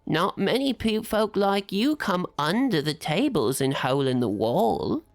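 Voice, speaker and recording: A woman's voice: on the low side, very animated, measured pace, no echo, soft background music. A woman voicing a small, chatty caterpillar-like worm that offers tea in a cozy, folksy way. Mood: chatty, hospitable.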